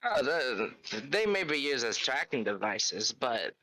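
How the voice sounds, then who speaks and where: A man's voice: mid-range voice, sing-song, unhurried, pushed and bright, dry recording, low-quality recording. A man voicing a wary, unlucky male dwarf who speaks in an old-fashioned way. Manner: old-fashioned in-character speech.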